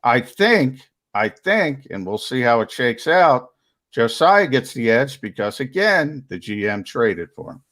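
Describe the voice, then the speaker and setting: A man's voice: mid-range voice, very animated, unhurried, a bit bright. A man in sports-show chat, giving his opinions on a football team's roster, talking casually with frequent restarts. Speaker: sports analyst.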